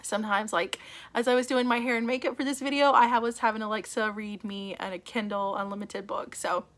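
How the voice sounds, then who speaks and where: A woman's voice: mid-range voice, steady tone, fairly quick, fairly bright tone. A woman book vlogger chatting casually to camera, enthusiastic and chatty, with frequent fillers and little laughs.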